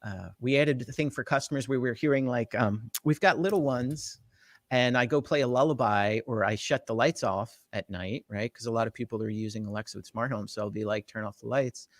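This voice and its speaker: A man's voice: medium pitch, a little fast, no echo. A middle-aged man from the Shore, explaining technology as a guest in an enthusiastic, rambling way, with lots of fillers and restarts. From Jersey Shore, US. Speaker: tech evangelist guest. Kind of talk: casual interview explanation.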